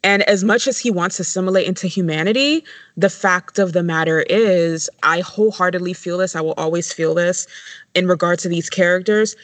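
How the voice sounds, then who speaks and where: Measured podcast co-host, dry sound. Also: medium pitch, fairly bright tone, dry recording. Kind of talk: analytical discussion.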